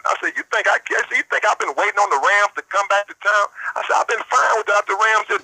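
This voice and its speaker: Man in his 50s on a sports radio call, talks quick with lively pitch, ex-player retelling a convo. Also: vocal fry, no room sound, poor audio. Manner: animated retelling, repeats "I said" constantly. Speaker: radio show guest, former football player. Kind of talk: phone-in radio interview.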